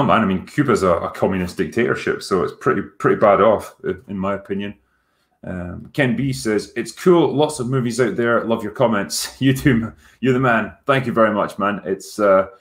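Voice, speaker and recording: A Scottish man hosting a casual livestream Q&A as a film critic, relaxed and rambling with frequent ums and casual swearing. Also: on the low side. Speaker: YouTube film critic and host.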